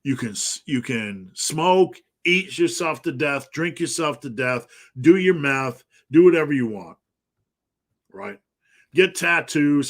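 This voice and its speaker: A man's voice: mid-range voice, a bit bright. A man, a fitness coach answering live viewer questions, talking bluntly and profanely in an emphatic rant.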